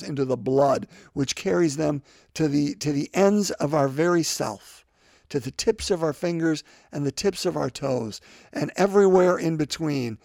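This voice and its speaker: A man's voice: a little high, creaky, darkish tone, no room sound, clean studio sound. A man preaching a homily, talking conversationally and repeating his points for emphasis. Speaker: priest.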